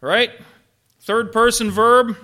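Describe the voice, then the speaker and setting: Male preacher, bright forceful tone, dry humor in the sermon. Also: extremely high pitch, fairly even intonation, slow pace. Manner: emphatic, rhetorical questions, dry humor. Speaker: pastor.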